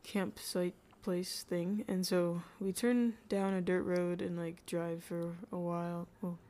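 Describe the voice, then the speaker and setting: A woman's voice: on the low side, level tone, slow pace, warm tone. A woman, co-hosting a podcast and telling a camping story in a rambling, giggly way full of fillers. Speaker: podcast co-host. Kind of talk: casual chat.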